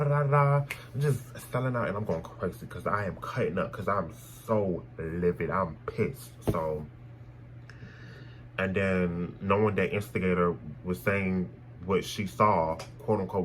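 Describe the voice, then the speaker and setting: A young man telling a personal story in a casual, animated way, blunt and full of swearing. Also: deep voice, a little hiss or hum, rough recording. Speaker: storytime vlogger.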